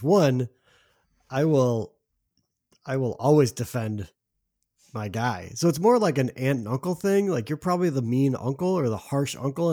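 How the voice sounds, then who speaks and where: A young man co-hosting a podcast, tired, easygoing and quick to laugh and agree. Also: mid-range voice, dark tone, no echo, studio quality. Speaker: podcast co-host. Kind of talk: casual chat.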